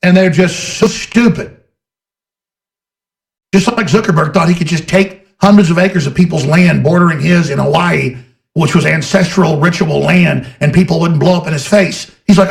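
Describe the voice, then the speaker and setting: A man rants about politics, heated and sarcastic. His voice sits high with a gravelly edge. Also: moderate pace. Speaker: political commentator. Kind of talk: ranting political monologue.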